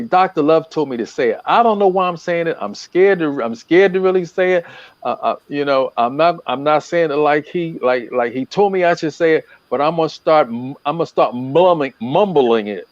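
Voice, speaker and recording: A man talking as a relationship coach on a talk show, animated and preacherly, repeating his points for emphasis. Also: fairly high pitch, fairly quick, no room sound. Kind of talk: casual talk-show chat. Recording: dull, lo-fi.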